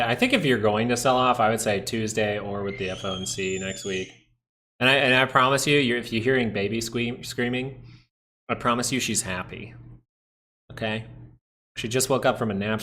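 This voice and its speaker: A man's voice: lowish voice, sharp tone. A man hosting a live stock market stream from home, talking casually through charts, thinking aloud and answering viewers. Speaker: stock market livestream host.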